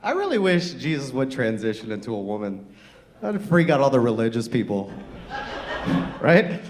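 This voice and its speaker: A man's voice: mid-range voice, huge pitch swings, normal speed, a little mellow. A man doing a brash, crude stand-up comedy set on a comedy club stage, laughing at his own jokes.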